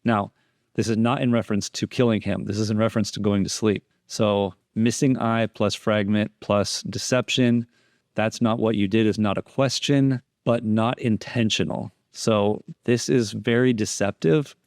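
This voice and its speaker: A man's voice: fairly low pitch, steady tone, normal speed, dry recording, studio quality. A man instructing on deception analysis, explaining interrogation footage in a methodical way and repeating key phrases for emphasis.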